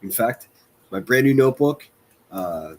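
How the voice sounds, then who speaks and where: A man's voice: medium pitch, animated, measured pace, darkish tone. A man hosting a livestream, giving crude, sarcastic reaction commentary and mocking what he plays. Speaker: commentary streamer host.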